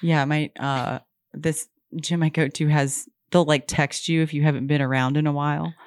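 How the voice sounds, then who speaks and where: A middle-aged woman chatting casually as a podcast co-host, self-deprecating and lively when she quotes others. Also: deep voice, moderate pace, smooth, no room sound, clean studio sound. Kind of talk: casual chat.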